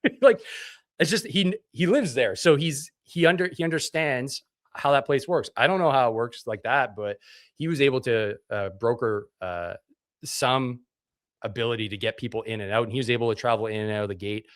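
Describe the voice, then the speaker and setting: Interviewed in studio quality with no echo, a Canadian military veteran speaks at normal speed in a medium-pitched voice. His telling is blunt and profane, full of swearing, and he acts out the dialogue.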